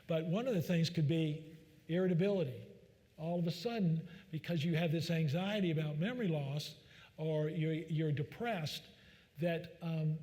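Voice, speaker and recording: A man's voice: fairly high pitch, warm tone. A man, a doctor, giving a joking, folksy public talk full of fillers in a large church hall. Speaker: physician speaker. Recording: long reverb of a large hall.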